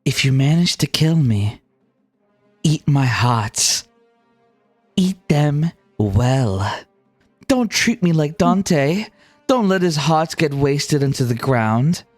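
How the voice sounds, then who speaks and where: A man voicing a sinister, mocking female villain who speaks with slow, amused menace. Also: fairly high pitch, expressive, faint music behind. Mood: taunting.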